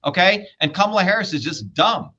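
A man's voice: sits high, very animated, a little fast, sharp tone, muffled recording. A man running for office, arguing bluntly and lecturing with profanity in a heated political debate. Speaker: political candidate.

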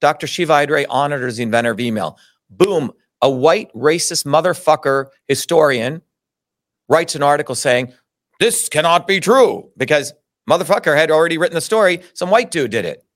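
A man's voice: a little high, a little fast, fairly bright tone, dry recording, studio quality. A middle-aged man telling his own story in an interview, indignant, emphatic and full of swearing. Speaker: interview guest. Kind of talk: heated personal storytelling.

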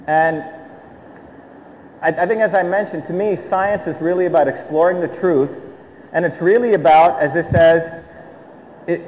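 A middle-aged man from India gives an emphatic public talk in a hall with an audience, often checking in with listeners through rhetorical questions. His voice is fairly high with a darkish tone, and the recording has a long hall reverb and a little hiss or hum.

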